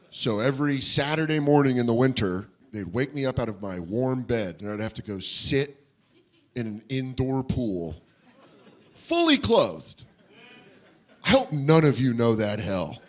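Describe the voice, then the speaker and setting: A man hosting a podcast, telling comedic stories in casual chat and jumping into loud impressions of other people. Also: mid-range voice. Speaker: podcast host.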